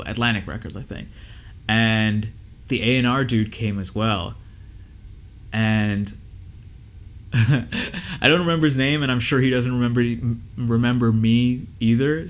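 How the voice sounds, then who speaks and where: Young man, audio engineer, casual advice talk, candid, loose storytelling, middle pitch. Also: a bit bright. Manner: candid, storytelling with many fillers and restarts.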